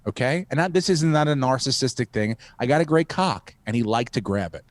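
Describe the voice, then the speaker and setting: Speaking briskly in a mid-range voice, a male comedian and podcast host wanders through a profane story in casual storytelling style. He performs the quoted lines himself.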